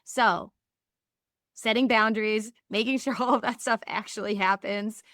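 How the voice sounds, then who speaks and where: Woman guest, earnest and upbeat podcast talk, mid pitch, dry close sound. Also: steady tone, measured pace, dry recording. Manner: earnest, upbeat, often laughing softly. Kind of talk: casual podcast conversation.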